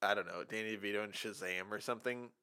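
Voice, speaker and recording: A man co-hosting a casual movie podcast, retelling scenes in a playful, animated way and laughing often. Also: fairly low pitch, quick pace, clean tone. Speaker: podcast co-host.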